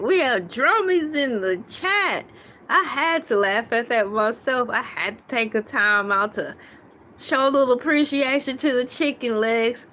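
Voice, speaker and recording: A woman's voice: high voice, a bit bright, a little hiss or hum. A woman hosting a casual livestream, chatty and playful, laughing often and reading viewer comments aloud. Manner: giggly and playful, laughing often between lines. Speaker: livestream host.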